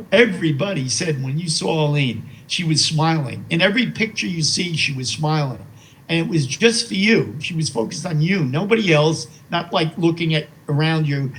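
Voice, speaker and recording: An older man talks in an interview with a slightly raised pitch, remembering his late wife with emotion. He pauses and restarts often, filling gaps with hesitations. When he reads aloud he slows into a reverent pace. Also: fairly bright tone, a little hiss or hum, poor audio. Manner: halting, with many fillers and restarts; slow and reverent while reading a poem aloud. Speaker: interview guest.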